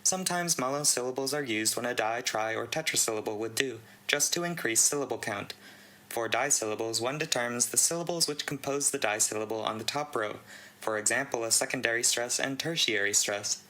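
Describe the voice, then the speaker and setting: A man with a bright, forward voice reads a long technical write-up aloud. His delivery is steady and even, with the odd dry aside. He sounds like a host working through a text. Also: medium pitch, a little fast, rough recording. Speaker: channel host reading a contest entry. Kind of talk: reading a conlang write-up aloud.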